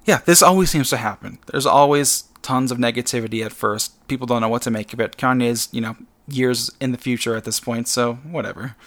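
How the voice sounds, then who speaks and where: A man's voice: medium pitch, brisk, fairly bright tone. A man speaking as a podcast guest in casual chat, hesitant, with lots of fillers and laughs.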